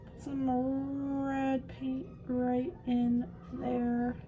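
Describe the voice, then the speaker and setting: A young woman vlogging while she does special effects makeup, chatting casually and poking fun at herself, sometimes trailing off into soft mumbles. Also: sits high, flat delivery, very slow, muffled recording. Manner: chatty, self-mocking, drifts into soft mumbles. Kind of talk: rambling casual chat while doing makeup.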